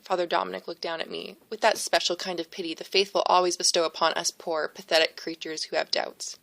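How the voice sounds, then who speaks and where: A woman reading a first-person novel aloud as an audiobook narrator, steady and expressive, close to the mic. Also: on the low side, brisk, gravelly, hardly any pauses, no room sound. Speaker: audiobook reader.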